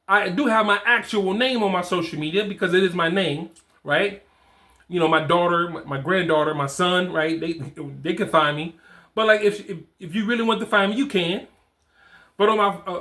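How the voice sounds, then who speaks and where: With a high voice that comes out pushed and bright, this fatherhood coach in his forties speaks to camera, offering no-nonsense dad advice in slang and restating points for emphasis.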